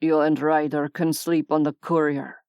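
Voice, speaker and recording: A woman's voice: low voice, little pitch movement, normal speed, a little mellow, clean tone, no echo, muffled recording. A woman voicing a tired male commander who talks in a weary, matter-of-fact way, in an audiobook. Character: exhausted, steady male commander.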